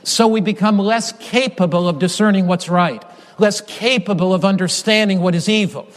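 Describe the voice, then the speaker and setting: High-voiced preacher in a reverberant hall. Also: male voice. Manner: emphatic, repetitive phrasing, slows down on key lines. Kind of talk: sermon.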